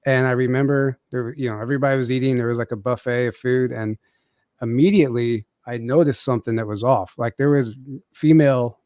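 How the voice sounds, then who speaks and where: A man's voice: medium pitch, fairly even intonation, fairly quick, darkish tone, dry recording, studio quality. Rambling man telling a story. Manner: rambling, many fillers and restarts. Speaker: podcast guest. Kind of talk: casual storytelling.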